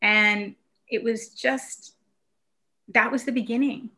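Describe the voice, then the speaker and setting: A woman's voice: a little high, fairly even intonation, takes it slowly, sharp tone. A woman casually telling a reflective childhood story in conversation, with fillers and restarts, from the United States.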